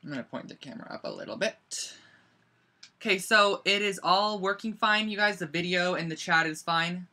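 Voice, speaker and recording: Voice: medium pitch, moderate pace, sharp tone. A teenager running a live-streamed scrapbooking demo from a bedroom at home, rambling and chatty with lots of "like". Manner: rambling and chatty, heavy use of "like". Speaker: scrapbooking instructor. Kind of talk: live-streamed craft demo, casual chat.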